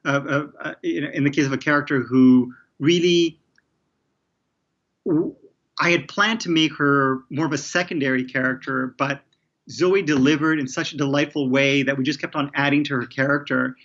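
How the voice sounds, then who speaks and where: A man's voice: on the high side, steady tone, normal speed, a bit bright. Rambling man, muffled lo-fi audio. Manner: rambling, many restarts and fillers. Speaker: TV showrunner guest. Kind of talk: casual interview conversation.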